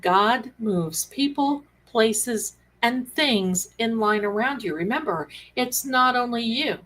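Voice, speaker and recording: A woman hosting a live spiritual talk stream, chatty and animated, calling viewers her darlings. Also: fairly high pitch, takes it slowly, poor audio. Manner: chatty, animated, acts out quoted dialogue, calls viewers darlings. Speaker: psychic and tarot host.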